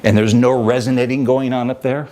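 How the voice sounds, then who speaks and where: A man's voice: mid-range voice, little pitch movement, brisk, mellow. A man teaching as a vocal coach, talking in a conversational, demonstrative way. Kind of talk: instructional talk with vocal demonstrations.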